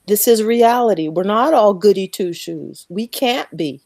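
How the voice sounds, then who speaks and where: A woman speaking slowly and earnestly about her faith as a guest, emotional and close to tears, repeating words as she goes. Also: mid-range voice, expressive, darkish tone, no echo. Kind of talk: emotional faith talk on a podcast.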